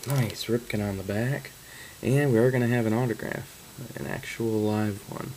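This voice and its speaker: A man's voice: fairly low pitch, takes it slowly, pauses often, fairly bright tone, slight background noise, poor audio. A man opening trading card boxes on camera, reading out card names and breaking into stunned exclamations. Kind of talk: casual card-break commentary.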